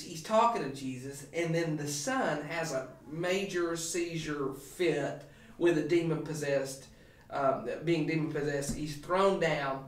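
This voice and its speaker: A man's voice: fairly high pitch, distant mic. Emphatic man preaching in an echoey room. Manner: animated, emphatic preaching with many restarts. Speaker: pastor. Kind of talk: podcast sermon talk.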